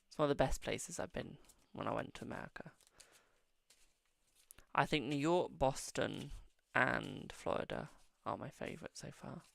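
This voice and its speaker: A man's voice: mid-range voice, creaky, a bit bright, no room sound. A man hosting a casual live-stream tarot reading, chatting affectionately with viewers and calling them "my darling".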